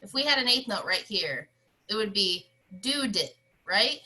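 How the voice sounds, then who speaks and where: Bright-voiced woman teaching music online. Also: mid-range voice, expressive, normal speed, rough recording. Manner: explains rhythms by singing scat syllables.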